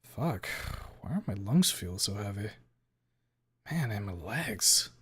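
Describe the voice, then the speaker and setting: Husky man reading a story aloud. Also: lowish voice, slow, long pauses. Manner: dramatic, expressive reading with sudden loud outbursts. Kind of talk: first-person story narration.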